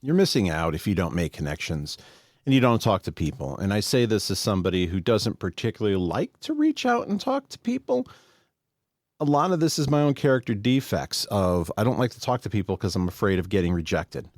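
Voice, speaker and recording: A man's voice: lowish voice, very animated, a little fast, darkish tone, no room sound, clean studio sound. A man co-hosting a recovery podcast, speaking candidly and reflectively about his own reluctance to reach out. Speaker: podcast co-host. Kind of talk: casual conversation.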